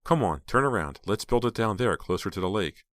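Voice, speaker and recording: A man voicing an excitable, trusting teenage girl, pushing his voice high and bright for her eager chatter in a horror audiobook. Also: fairly quick, no echo, studio quality.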